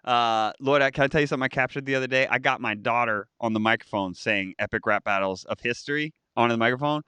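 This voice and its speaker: A man's voice: mid-range voice, fast talker, clean tone, dry recording. A man co-hosting a live stream, chatting casually and joking with a co-host while reading viewer comments. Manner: animated, jokey, mimics voices.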